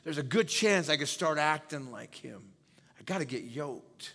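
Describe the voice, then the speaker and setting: A male pastor preaches with emphasis, often repeating key phrases and tossing questions out to his listeners. His voice sits fairly high for a man. A long reverb trails every line, as in a large hall. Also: animated, normal speed, sharp tone. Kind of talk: sermon.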